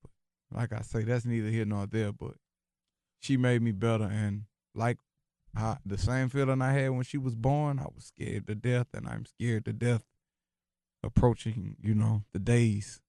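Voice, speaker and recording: Man, gravelly, emphatic and philosophical, radio studio guest, dry close mic. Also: lowish voice, steady tone, normal speed, mellow, no echo. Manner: emphatic, philosophical, repeats phrases like "you hear me". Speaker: rapper guest. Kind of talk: radio interview conversation. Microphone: studio microphone.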